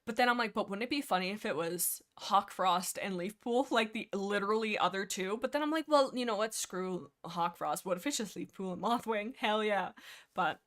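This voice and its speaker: A young woman hosts a livestream in a loose, rambling chat. She jumps from one thought to the next, and her pitch swings up and down as she gets excited. Her voice sits in an ordinary middle range. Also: normal speed. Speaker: livestream host discussing books.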